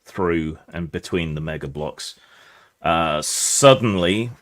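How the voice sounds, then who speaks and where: A man narrating as game master of a tabletop game, relaxed and descriptive with many fillers. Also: deep voice, takes it slowly.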